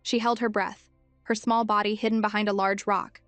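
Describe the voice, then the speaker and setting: Woman narrating a story over soft music. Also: medium pitch, flat delivery, normal speed, dry recording. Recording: dry close mic with faint music.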